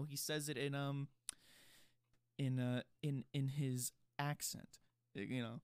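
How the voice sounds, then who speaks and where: A man's voice: medium pitch, steady tone, slow, pauses often, smooth, no room sound. Casting: male podcast co-host, casual and rambling, dry close sound. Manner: rambling, filler-heavy storytelling. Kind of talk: casual chat.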